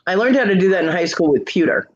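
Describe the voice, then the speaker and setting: A woman co-host in casual chat, animated and quick to laugh. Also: fairly low pitch. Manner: animated storyteller, laughs often. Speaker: podcast co-host. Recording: dull lo-fi recording.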